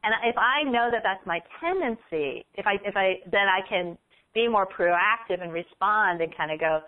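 A woman guest on an ADHD podcast, talking earnestly and acting out quick examples of inner thoughts. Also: mid-range voice, expressive. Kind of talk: podcast interview. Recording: tinny phone line.

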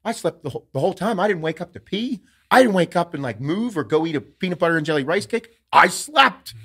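A man hosting a podcast, telling a story in casual, profane, animated chat. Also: a little high, fast, breathy edge. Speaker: podcast host.

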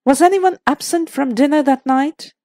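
A woman voicing a shrewd, gentle elderly spinster who solves mysteries, in a precise, soft-spoken manner. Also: high voice, moderate pace, dry recording, clean studio sound, voice pushed up.

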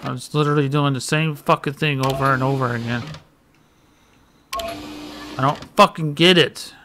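Male let's-play host, angry and profane, bright, sharp voice, faint hiss behind. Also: mid-range voice, fairly even intonation, normal speed. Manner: frustrated, swearing constantly, muttering. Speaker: gaming channel host.

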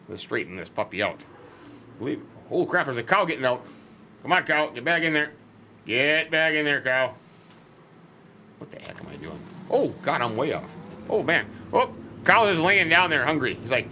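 A man's voice: mid-range voice, expressive, moderate pace, bright, forceful tone, a little hiss or hum. A man hosting a farming game let's play, chatting in a rambling, folksy, joking way as he plays a farmer character. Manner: rambling, folksy, jokey, self-interrupting.

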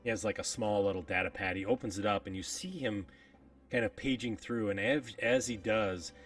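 A man narrating a tabletop game as game master, talking casually with many fillers and pauses. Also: lowish voice. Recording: distant mic, dry with faint music.

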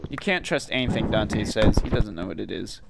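A man's voice: on the low side, fairly quick, creaky. Goofy young man gaming, noisy mic. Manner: goofy, bursts into yelps and silly voices. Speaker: gamer. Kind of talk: casual gameplay banter. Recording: noisy home recording.

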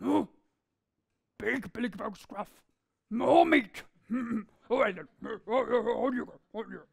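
A woman's voice: vocal fry, darkish tone, slightly rough, full character voice. A woman voicing a hungry, menacing troll who guards a bridge, drawing out its threats with gloating relish. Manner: slow, gloating, booming threats.

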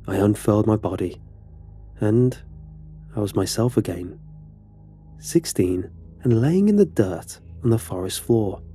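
A man narrating a scripted horror story in a measured, somber way. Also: lowish voice, mellow.

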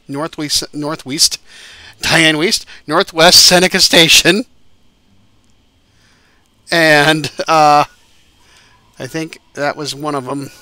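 A man's voice: a little high, pushed and bright, smooth, no room sound. A man giving casual let's-play commentary, rambling and thinking aloud with lots of fillers. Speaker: gaming YouTuber.

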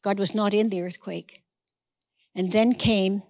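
A woman's voice: medium pitch, fairly even intonation, measured pace, darkish tone, long reverb tail. A woman preaching a sermon, telling a story conversationally with humorous asides.

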